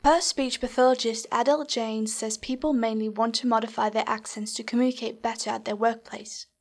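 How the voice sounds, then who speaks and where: A woman reporter reading scripted narration in a measured, even way. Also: a little high. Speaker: radio reporter.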